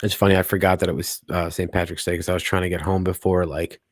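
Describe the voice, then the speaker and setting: A man's voice: low-pitched, flat delivery, dry recording. A man co-hosting a podcast, making crude wisecracks in casual chat. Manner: wisecracking, quick crude jokes. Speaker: podcast co-host.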